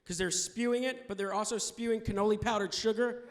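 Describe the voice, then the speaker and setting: A man's voice: high-pitched, steady tone, fairly quick. A man performing a stand-up comedy set on stage, laughing at his own jokes and acting out the voices of people he quotes. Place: comedy club stage with audience. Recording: audience laughter and noise in room.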